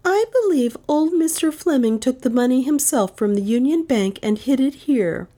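A woman voicing a frightened young woman being interrogated, her voice tense, high and breaking. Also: animated, normal speed, dark tone.

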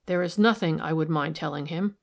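A man's voice: a little high, a little fast, gravelly. A woman reading a sober, wistful young man. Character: troubled young man confiding in a visitor. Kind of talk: audiobook character reading.

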